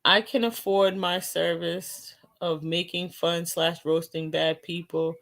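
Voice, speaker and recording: Slow, laid-back woman streamer, low voice. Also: fairly even intonation, gravelly, fairly bright tone. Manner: laid-back, slangy, laughs often. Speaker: host of a live talk stream. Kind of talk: casual live-stream chat with viewers.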